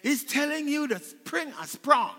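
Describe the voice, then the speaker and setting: A male pastor preaching a sermon, leading his congregation in call and response and swinging between loud shouts and hushed tones. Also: very high voice, expressive, unhurried, in a large hall. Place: church sanctuary.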